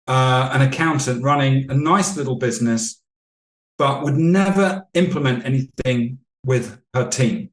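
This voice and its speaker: A man talking as a leadership coach guest on a podcast, explaining calmly and telling anecdotes. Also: mid-range voice, a little slow, roomy sound. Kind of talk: podcast interview storytelling.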